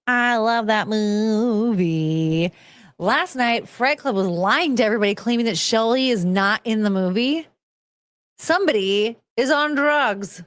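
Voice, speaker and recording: A woman's voice: mid-range voice, clear, resonant tone, no room sound. A woman hosting a casual livestream who rambles, chats to her pet and breaks into bits of song. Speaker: podcast host.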